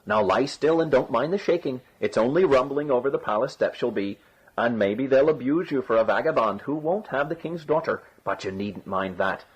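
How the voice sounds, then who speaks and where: A man playing a cunning young rogue, high voice, lively swoops, storybook. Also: normal speed, husky. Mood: coaxing. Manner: high, wheedling and boastful. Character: sly young Irish rogue, quick-tongued trickster. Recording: dull lo-fi recording.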